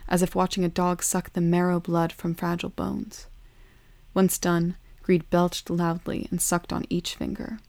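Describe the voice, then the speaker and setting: Calm woman storyteller, low even delivery, dry close sound. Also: no echo. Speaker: narrator. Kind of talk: storybook narration.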